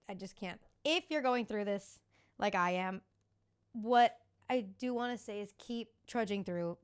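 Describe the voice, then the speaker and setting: A woman's voice: mid-range voice, smooth. A woman in her thirties hosting a podcast, talking casually, candid and confiding, with the odd swear word. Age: 30s. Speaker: podcast host. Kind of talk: casual chat.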